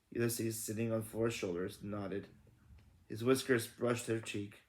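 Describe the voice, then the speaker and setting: A man's voice: fairly low pitch, level tone, a little slow, darkish tone. A man reading a children's book aloud in a casual, self-correcting way, stopping to comment. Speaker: read-aloud narrator.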